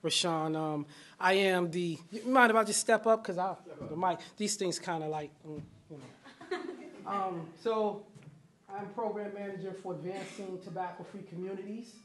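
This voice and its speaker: A man giving a lively talk at a community event, often putting questions to the audience. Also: high voice, moderate pace, slight background noise. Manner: animated, addresses the crowd with questions. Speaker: guest speaker, program manager. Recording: echoey hall.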